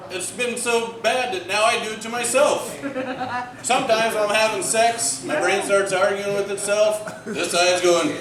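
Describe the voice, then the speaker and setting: A man performing a stand-up comedy set on a club stage, delivering one-liners and acting out bits in excited voices. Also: high voice, measured pace, a crowd in the background. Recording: roomy, distant, noisy club recording.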